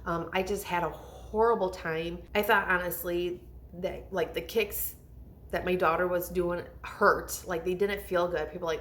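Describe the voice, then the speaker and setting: A woman's voice: lowish voice, fairly even intonation, normal speed, a bit bright, slight background noise. A woman in her thirties telling her own motherhood story in a candid vlog, rambling and heartfelt, often stopping to restart her thoughts. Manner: rambling, heartfelt, self-interrupting. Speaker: mom vlogger.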